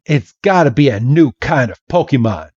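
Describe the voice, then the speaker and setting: A man's voice: medium pitch, animated, normal speed, a little mellow, husky, no echo, dull audio. A man voicing a nervous young male Pokémon trainer who stammers and hesitates. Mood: jumpy, unsure.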